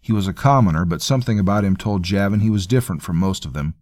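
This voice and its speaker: In this scripted fantasy narration, a man reads aloud at a steady, measured pace, his voice sitting low. He's an audiobook narrator, recorded in studio quality with no echo.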